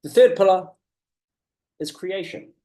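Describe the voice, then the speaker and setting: Brief: New man, business coach, slightly high mellow voice, earnest and emphatic. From New Zealand. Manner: earnest and emphatic, repeats key phrases, slows down to stress points. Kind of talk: motivational coaching talk.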